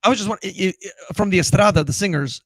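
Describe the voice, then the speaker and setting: A man interviewing a guest, asking halting, hesitant questions in a casual chat. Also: high-pitched, husky, no room sound.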